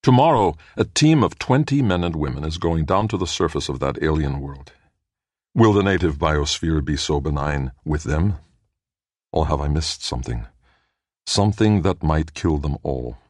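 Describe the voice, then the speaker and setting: A man narrating an audiobook in a measured way, lifting his voice a little for the characters' lines. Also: expressive, a little mellow, husky, no echo, studio quality. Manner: measured, lightly voices characters with a raised pitch. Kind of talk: scripted narration.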